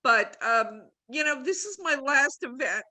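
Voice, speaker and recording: A woman's voice: high voice, animated, sharp tone, rough recording. Emotional woman closing a video call. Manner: choked up, halting, rambling with restarts. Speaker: career services director.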